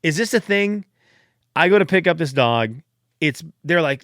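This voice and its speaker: A man's voice: fairly high pitch, lively intonation, moderate pace, a bit bright, no echo, studio quality. A man hosting a solo podcast, chatting casually in a rambling, self-deprecating way, fired up late at night. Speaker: podcast host.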